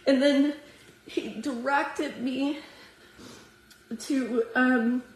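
A woman preaches in a slow, prayerful cadence, her slightly high voice thick with tears. She speaks earnestly to a group of women, and her words ring around an echoey room. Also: steady tone. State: teary. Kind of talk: devotional sermon with scripture reading.

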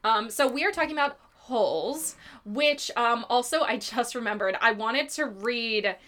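A woman's voice: on the high side, measured pace, fairly bright tone. A young adult woman hosting a movie podcast in casual chat, bubbly and giggly with emphatic bursts. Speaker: podcast host.

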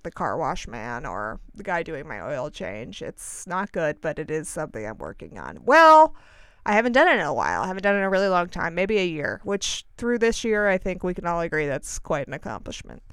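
Casual podcast host: young woman, smooth clear voice, rambling storyteller, dry close recording. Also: on the low side, fairly bright tone, dry recording. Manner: rambling, chatty, self-deprecating, with many restarts and asides.

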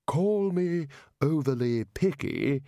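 A man's voice: fairly high pitch, lively intonation, slow pace, gravelly, warm tone, no echo, clean studio sound, voice pushed up, heavily acted. A man doing a fussy, wry old wizard professor.

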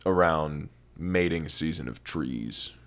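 A man's voice: very deep voice, takes it slowly, vocal fry, fairly bright tone. A young man co-hosting a podcast, rambling and swearing in casual stoned chat. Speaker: podcast co-host.

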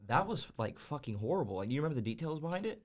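A young man with a mid-range voice, co-hosting a relaxed podcast chat. He speaks bluntly and profanely, padding his sentences with "like". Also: medium pitch, racing. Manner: blunt and profane, filler-heavy, full of "like". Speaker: co-host. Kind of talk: casual podcast discussion.

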